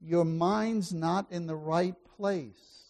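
High-voiced pastor preaching with big swings. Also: male voice, takes it slowly. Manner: dynamic preaching, swings from loud exclamations to quiet asides; asks the congregation questions. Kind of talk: sermon.

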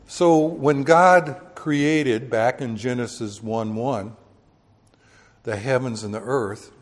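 In a big-sounding room, a man with a medium-pitched voice teaches a Bible lesson as a sermon. He talks conversationally, illustrates with homely everyday examples, and fills his speech with fillers, correcting himself as he goes.

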